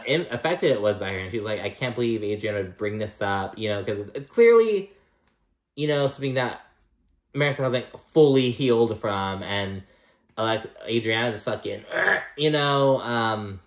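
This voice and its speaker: A man's voice: lowish voice, expressive, unhurried. A man giving a casual, gossipy recap of a reality show episode, swearing freely and peppering his talk with likes and you knows. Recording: roomy echo.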